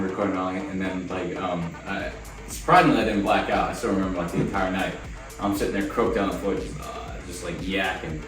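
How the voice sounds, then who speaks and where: A man's voice: deep voice, steady tone, fast talker, a bit bright. A man telling a story on a podcast in a laid-back, rambling way, with lots of swearing. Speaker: podcast co-host. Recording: echoey room, mic far off, faint music.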